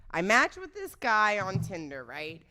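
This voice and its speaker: A young woman hosting a podcast, telling a story in an animated, profane, joking way. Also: mid-range voice, a little slow. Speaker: podcast host.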